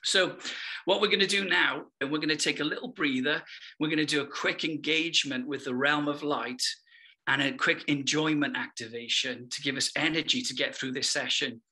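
A man teaching a spiritual session, exuberant with sudden whoops, then slowing into a soft voice to guide breathing. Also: a little high, steady tone, faint music behind. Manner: drops to a soft, slow guiding voice in meditation. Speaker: Christian teacher.

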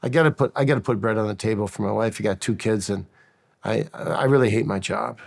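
A man's voice: lowish voice, a little fast, creaky. A man doing a glum, weary laborer. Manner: glum, plain. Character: weary male laborer who hates his job.

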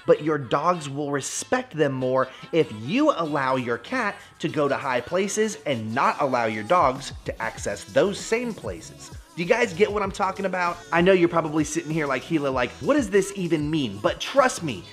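Lively playful man giving pet tips. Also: fairly high pitch, normal speed, faint music behind. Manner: playful, animated, slangy. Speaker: dog trainer vlogger. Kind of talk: casual instructional vlog.

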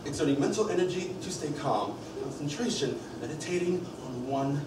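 A man's voice: fairly high pitch, lively intonation, normal speed, lightly acted. An actor playing a wry young male campaign staffer who jokes and laughs often, on a stage. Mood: quiet, earnest. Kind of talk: stage play acting with direct address to the audience. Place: theater stage. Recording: echoey stage, from far off, with hiss.

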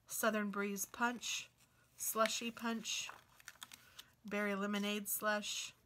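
A woman's voice: mid-range voice, sharp tone, a little hiss or hum. A woman hosting a casual cookbook walk-through, reading recipes aloud and chatting with delighted exclamations. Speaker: craft and book video host.

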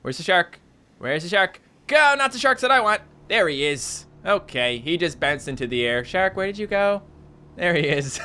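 A man with an Australian accent giving casual let's-play commentary, chatty and animated, jumping to high panicked yelps. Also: moderate pace, a little hiss or hum. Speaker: gaming YouTuber.

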